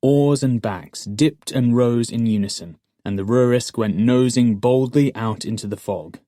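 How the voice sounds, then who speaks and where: A man narrating a fantasy audiobook in the first person, in a measured storytelling manner. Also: mid-range voice, warm tone, no room sound.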